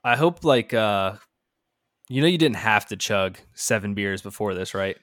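A man's voice: on the low side, animated, measured pace, fairly bright tone, no room sound. Dry-voiced joking man on a podcast. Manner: joking, teasing. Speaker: podcast co-host. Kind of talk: casual chat.

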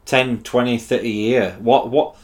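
A man talks in a loose, rambling way. He stops and restarts often and leans on "like" between thoughts. His voice sits at an ordinary middle pitch. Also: fairly even intonation. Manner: rambling, halting, lots of "like". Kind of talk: casual chat.

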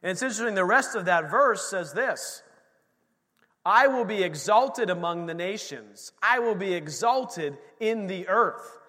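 A man delivers an emphatic sermon in a church, his voice high and bright. He repeats phrases for emphasis and drives the energy upward. A long reverb from the sanctuary trails every line. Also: expressive, measured pace. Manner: emphatic preaching, repeating phrases with rising intensity. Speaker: pastor.

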